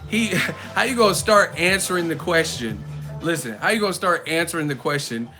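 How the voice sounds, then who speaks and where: A man hosting a live boxing chat, animated and profane, often breaking into laughter. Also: fairly high pitch, moderate pace, over music. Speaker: boxing channel host. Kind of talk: live casual commentary.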